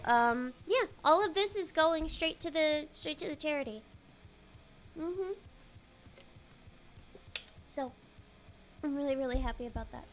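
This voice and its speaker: A young woman streamer chatting casually on a live stream, rambling and halting, often repeating her words. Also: high-pitched, sharp tone.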